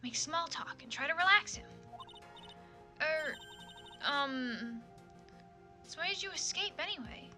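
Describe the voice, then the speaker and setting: A woman playing a nervous young female attorney from a courtroom game who stammers and hedges. Her voice is high and very bright, unsure of itself. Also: expressive, measured pace, long pauses, soft background music, exaggerated voice. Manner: hesitant, stammering.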